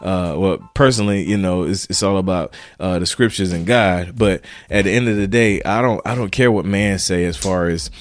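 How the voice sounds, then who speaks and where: A man's voice: low voice, normal speed, few pauses. A middle-aged man hosting his own podcast, talking in a fired-up, preachy way and calling his listeners "man" and "y'all". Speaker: podcast host. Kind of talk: casual motivational podcast monologue.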